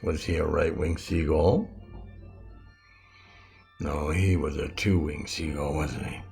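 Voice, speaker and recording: Brief: seventy-something man, very deep and gravelly, meandering teacher. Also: steady tone, darkish tone, soft background music. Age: 70s. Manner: halting, rambling, self-correcting. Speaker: self-styled metaphysics teacher. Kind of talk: casual rambling spiritual lesson.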